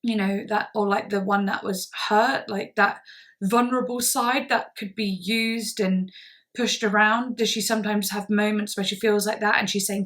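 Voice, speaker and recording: Bright, chatty woman reacting. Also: medium pitch, fairly even intonation, moderate pace. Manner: effusive and chatty, swears freely. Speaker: music reaction YouTuber. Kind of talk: casual music reaction commentary.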